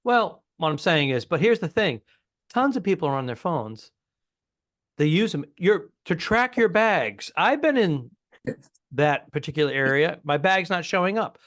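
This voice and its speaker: A man with a somewhat high voice co-hosts a comedy podcast. He talks in a chatty, rambling way and often interjects while his co-host is speaking. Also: sing-song, measured pace, a bit bright. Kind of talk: casual comedy podcast chat.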